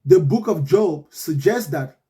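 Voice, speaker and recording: A man hosting a casual podcast chat, arguing his points in animated, rhetorical storytelling. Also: fairly high pitch, unhurried. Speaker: podcast host.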